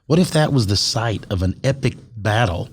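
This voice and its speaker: A man's voice: on the low side, animated, moderate pace, husky, dry recording, clean studio sound. A man co-hosting a podcast, telling a strange story in casual chat and acting out the quoted lines with animation. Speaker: podcast co-host.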